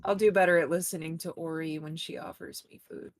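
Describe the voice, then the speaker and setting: A woman's voice: sits low, fairly even intonation, brisk, a little hiss or hum. A woman player speaking in character in a tabletop game, wry and playful. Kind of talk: in-character roleplay.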